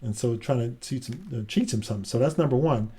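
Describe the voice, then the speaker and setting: A man reads a children's picture book aloud in a relaxed, chatty way. He breaks off between pages to comment on the pictures. His voice is mellow and mid-pitched. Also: fast talker, husky. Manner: chatty, adds asides and laughs between pages.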